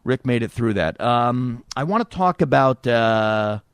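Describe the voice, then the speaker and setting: A man hosting a casual comedy podcast, joking and rambling between quick impressions. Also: medium pitch, animated, clean tone, no room sound, clean studio sound. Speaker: podcast host.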